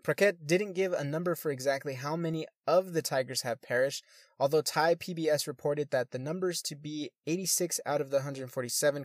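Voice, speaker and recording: A man's voice: medium pitch, dry recording, studio quality. Man reading news with crude asides. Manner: crude, swears often, comments on stories, stumbles over words. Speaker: host reading news articles. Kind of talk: casual news reading with commentary.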